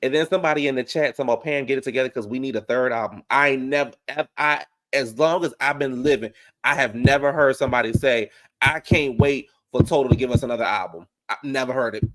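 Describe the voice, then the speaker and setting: A man rants bluntly and drives each point home by repeating it. His pitch is middle and his tone conversational. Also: quick pace, fairly bright tone. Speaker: podcast co-host. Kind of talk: casual commentary chat.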